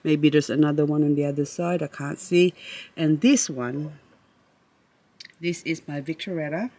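A woman vlogging among her succulent shelves on a handheld camera, chatty and excitable, rambling and talking to her plants. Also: sits low, normal speed. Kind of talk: casual plant-tour vlog. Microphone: handheld camera she moves around.

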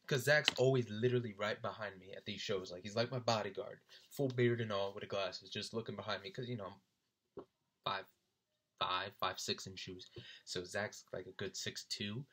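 A young man with a bright, forceful voice tells a story straight to the camera. He is animated and laughs often, and his voice lifts high whenever he imitates his friends. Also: normal speed, slight background noise. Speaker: vlogger recounting a concert. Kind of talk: casual storytelling.

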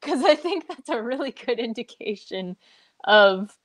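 A woman's voice: on the high side, animated, a little slow, no echo. Chatty woman hosting a dry-sounding book chat. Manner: chatty, laughs often between points. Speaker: host of a book discussion. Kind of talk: casual book discussion.

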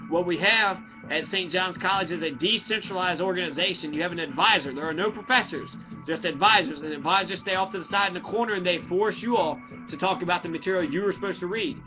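A man's voice: sits high, fast, few pauses. A man who is a student, in a profane, heated and confrontational ranting monologue. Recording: dull lo-fi audio with faint music.

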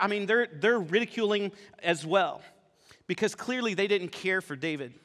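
Bright-voiced male pastor preaching. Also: sits high, normal speed, long reverb tail. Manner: casual storytelling, animated. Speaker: campus pastor. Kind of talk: sermon. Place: church sanctuary.

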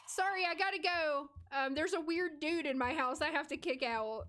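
A woman's voice: sits high, sing-song, moderate pace, pushed and bright, a little hiss or hum. A woman streaming a life-sim game, chatting casually with her chat and laughing often, with an American accent. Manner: giggly, chatty, reads and answers chat. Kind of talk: casual live-stream commentary.

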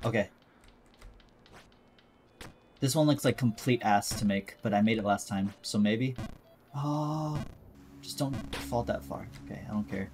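A man's voice: lowish voice, normal speed, darkish tone, slight background noise. A man streaming a video game, chatting casually to himself and his viewers in a jokey way. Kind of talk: casual gameplay commentary.

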